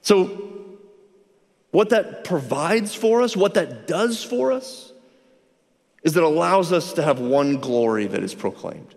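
Male pastor mid-sermon, lively and animated, voicing characters in his illustrations, reverberant church sanctuary. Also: on the high side. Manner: animated, acts out both sides of conversations.

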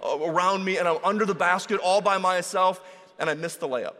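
A man preaching a sermon in a relaxed, conversational storytelling way, acting out the voices of people in his stories. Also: high voice, normal speed. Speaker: pastor. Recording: reverberant hall.

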